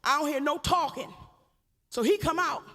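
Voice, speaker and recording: A woman from Baltimore doing stand-up comedy storytelling, profane and animated with bursts of shouting. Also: high voice, normal speed. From Baltimore, USA. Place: large theater stage. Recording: live stage with long hall reverb.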